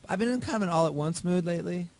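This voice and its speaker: A man's voice: high-pitched, racing, a little mellow. A male musician talking casually in an interview, loose and rambling with plenty of fillers. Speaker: musician guest.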